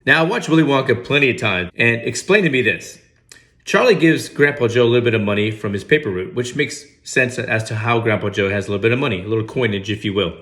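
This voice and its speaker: A man's voice: medium pitch, animated, fast talker, a bit bright. Sarcastic man ranting about movies. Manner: sarcastic, incredulous ranting with mock outrage. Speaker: movie reaction host. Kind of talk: casual comedic movie commentary.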